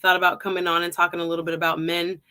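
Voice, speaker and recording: A woman's voice: fairly low pitch, monotone, racing, pushed and bright, clean tone. A woman born in Jamaica with a light Jamaican accent, hosting a casual livestream and greeting viewers by name in a chatty way. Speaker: livestream show host. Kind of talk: casual live-stream intro.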